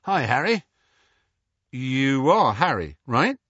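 Teasing young joker, lively and husky, done by a male reader; dull, dry audio. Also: mid-range voice, slow pace, no echo, exaggerated voice. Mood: wry. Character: joking young man, wry and teasing. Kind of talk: audiobook character voice.

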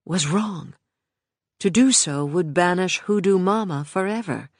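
An audiobook narrator giving measured, scripted narration. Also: mid-range voice, no echo, studio quality. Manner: measured, unhurried reading.

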